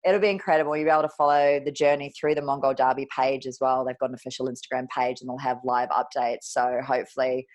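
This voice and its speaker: A woman's voice: rumbling low, flat delivery, fast, hardly any pauses. A woman, a guest on an interview show, telling a personal story in a frank, emotional way and swearing now and then.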